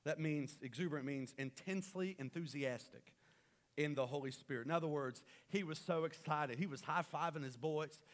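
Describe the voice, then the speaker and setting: A man delivers a sermon with a somewhat high voice. He rallies the congregation loudly, then drops into quiet, earnest passages. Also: moderate pace. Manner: animated, swings from loud rallying to quiet. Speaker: pastor.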